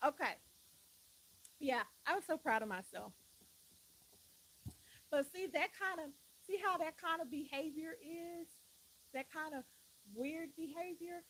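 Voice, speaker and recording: A woman's voice: sits high, measured pace, pauses often, fairly bright tone, slight background noise, low-quality recording. A woman hosting a live stream, chatting casually and animatedly, often breaking into laughter.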